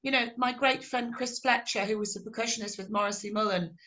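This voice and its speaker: A woman's voice: a little high, fast. A middle-aged woman singer telling stories in a video call interview, acting out quotes with animation. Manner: animated, warm storytelling with acted-out quotes.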